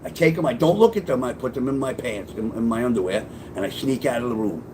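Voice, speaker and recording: A man's voice: mid-range voice, fast, slight background noise, low-quality recording. A middle-aged man casually telling a profane personal story, acting out what people said. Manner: profane, animated, acts out quoted voices. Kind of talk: casual spoken memoir storytelling.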